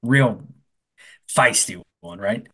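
A man casually retelling a film plot on a comedy podcast, acting out the characters' lines with quick asides. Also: medium pitch, big pitch swings, gravelly, fairly bright tone, husky. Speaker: podcast co-host. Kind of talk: casual comedic movie recap.

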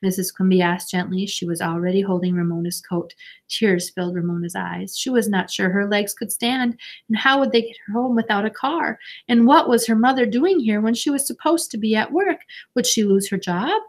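A woman reading a children's novel aloud, with gentle, expressive storytelling. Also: medium pitch, normal speed. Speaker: audiobook narrator.

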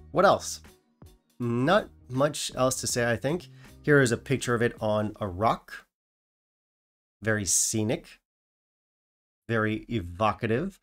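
A man hosting a whisky review channel, talking casually with dry, self-mocking humor and a non-British English accent. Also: medium pitch.

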